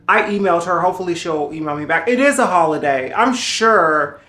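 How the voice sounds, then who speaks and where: A woman's voice: on the low side, expressive, brisk, a bit bright, roomy sound, faint music behind. A woman vlogger chatting casually and sassily to her viewers at home while packing up to move, calling them girl and child.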